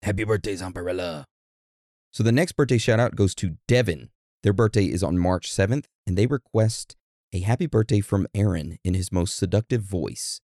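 A man with a lowish, gravelly voice that swings up and down a lot as he talks. He co-hosts a casual podcast and jokes his way through listener shout-outs. The sound is close and dry, with no room around it. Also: moderate pace, no room sound. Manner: animated, joking, reads listener shout-outs. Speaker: podcast co-host.

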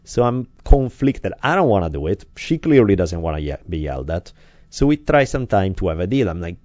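Podcast co-host, deep man, dry close sound, slightly dull lo-fi, candid casual talker who swears. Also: big pitch swings, fairly quick, darkish tone, no echo. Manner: candid, self-deprecating, swears freely. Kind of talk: casual chat.

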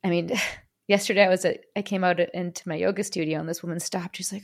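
A woman guest with a lowish voice and a gravelly edge. She talks candidly and emotionally about her life, often breaking off and restarting her sentences. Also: steady tone, fast. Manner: frequent restarts and fillers. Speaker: podcast guest. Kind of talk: casual interview talk.

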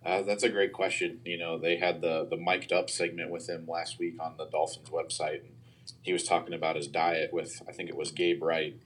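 Male podcast guest analyst, extremely low voice, a bit husky, hesitant casual talk. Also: flat delivery, normal speed, a bit bright. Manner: hesitant, many fillers and restarts. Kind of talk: casual sports podcast chat.

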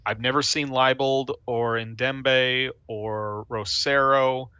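A man chatting as a soccer podcast panelist, talking in halting restarts with dry sarcasm. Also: medium pitch, fairly even intonation, bright, forceful tone, smooth, no echo. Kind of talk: casual sports chat.

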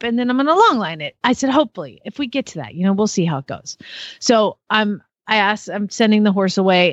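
A woman hosting a casual podcast who tells horse stories animatedly, with quick asides. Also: medium pitch, fairly bright tone, no room sound, muffled recording. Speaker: podcast host and horse trainer.

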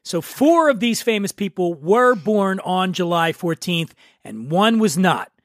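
A man's voice: high voice, very animated, measured pace, no echo, clean studio sound. A man hosting a podcast, chatting casually and teasing his guest with a playful quiz. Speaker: podcast host. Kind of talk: casual chat.

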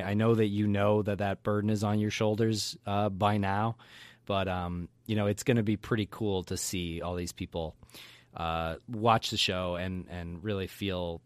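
Lower-voiced sincere man, dry sound. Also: steady tone, normal speed, no room sound. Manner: sincere, thoughtful. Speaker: podcast co-host. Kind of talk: casual podcast chat.

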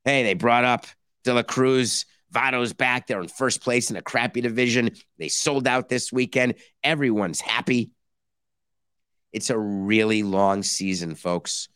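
A man's voice: medium pitch, fairly even intonation, unhurried, fairly bright tone, clean tone, dry recording, studio quality. A man hosting a baseball podcast, talking in sarcastic bursts and acting out mock conversations between teams. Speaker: podcast host. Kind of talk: animated baseball commentary.

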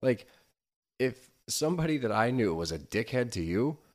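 A man's voice: mid-range voice, sing-song, moderate pace. A man co-hosting a podcast in casual chat, exasperated and swearing freely. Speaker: podcast co-host.

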